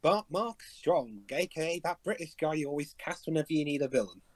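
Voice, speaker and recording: A man's voice: a little high, steady tone, fast, heavy background noise. A man co-hosting a casual movie commentary, playful and fond of mock-announcer flourishes. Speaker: podcast co-host.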